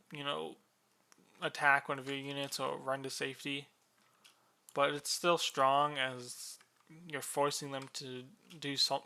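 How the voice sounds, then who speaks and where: Bright, clear-voiced man explaining game rules. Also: mid-range voice. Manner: relaxed, many fillers, yawning. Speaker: game designer explaining a unit.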